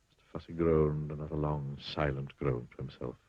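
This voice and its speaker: A man reading a children's storybook aloud in an expressive, playful way, sometimes speaking to the listener. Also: extremely low pitch, a little fast, slightly rough, no room sound, muffled recording.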